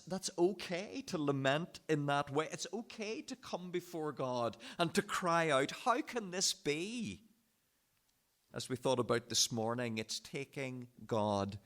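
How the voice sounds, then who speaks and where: Male preacher, sermon delivery, lively intonation, unhurried and emphatic. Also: fairly high pitch. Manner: impassioned, voicing the prophet's complaint. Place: church.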